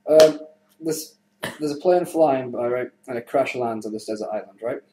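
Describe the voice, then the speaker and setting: Crude joke-telling podcast host. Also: male voice, mid-range voice, moderate pace, a little hiss or hum. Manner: crude, animated storyteller. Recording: roomy echo.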